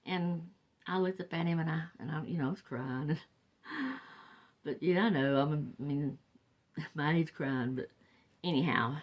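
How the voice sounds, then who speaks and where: The audio is lo-fi, and her voice sits low as she talks a little slowly with frequent pauses. She is an older wreath crafter from the Carolinas with a Southern US accent, rambling chattily through a casual tutorial and trailing off before starting over.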